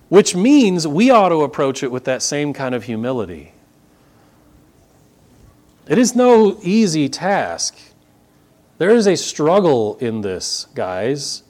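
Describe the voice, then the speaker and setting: A male pastor delivers a sermon from the pulpit, talking to his church like he's chatting with friends. His voice sits a little high for a man and swings widely up and down as he gets animated, with quick asides and chuckles. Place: church sanctuary.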